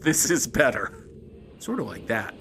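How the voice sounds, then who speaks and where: A man's voice: mid-range voice, big pitch swings, a little slow, vocal fry, a bit bright, slight background noise. A man hosting a let's play, giving casual gameplay commentary with jokes, wry asides and frequent laughs.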